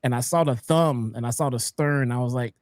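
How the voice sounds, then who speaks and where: A man's voice: medium pitch, brisk, no room sound, studio quality. Laid-back, hesitant podcast co-host man. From Chicago area. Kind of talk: casual podcast chat.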